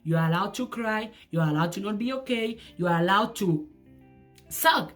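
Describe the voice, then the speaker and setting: A woman's voice: medium pitch, lively intonation, normal speed, soft background music. A woman speaking as a life coach in an emphatic, repetitive motivational talk, with non-native English phrasing.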